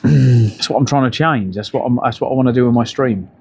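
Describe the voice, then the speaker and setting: A man's voice: medium pitch, fairly quick, vocal fry, darkish tone, a little hiss or hum. A middle-aged man, telling rambling, profane stories to his live-stream chat while out on a bike ride. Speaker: livestreamer.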